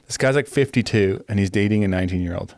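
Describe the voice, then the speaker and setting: Man, fairly low voice, podcast host, relaxed questions, dry close sound. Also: fast talker, no room sound. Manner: relaxed, asks questions, laughs along. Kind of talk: casual chat.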